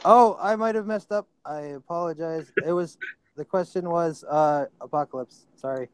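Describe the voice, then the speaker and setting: A man hosting a trivia tournament, reading out questions and reacting with excitement to answers. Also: on the high side, moderate pace, clear, resonant tone, dry recording. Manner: excitable, apologetic about slips. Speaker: quiz host.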